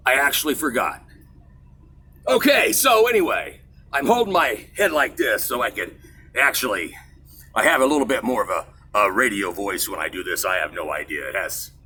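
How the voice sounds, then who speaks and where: A middle-aged Kansas man hosts his own show, delivering a casual, rambling monologue. His mid-range voice is bright, forceful and husky as he wanders through a story with plenty of digressions and self-mockery.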